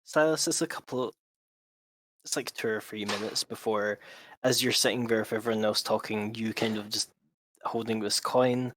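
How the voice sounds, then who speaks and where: A man running a live tabletop game as game master, talking in a relaxed, matter-of-fact way. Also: on the low side, normal speed, slight background noise.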